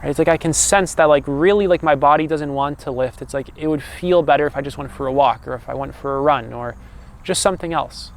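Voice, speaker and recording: A young man, a personal growth coach, talking in a calm and loose way, often ending thoughts with "right?" and restarting sentences. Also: a little high, brisk. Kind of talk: casual reflective monologue.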